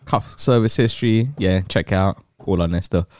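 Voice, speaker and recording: A man's voice: low voice, moderate pace, darkish tone, no room sound, studio quality. A young man, a podcast guest talking in blunt, offhand, slang-heavy casual chat.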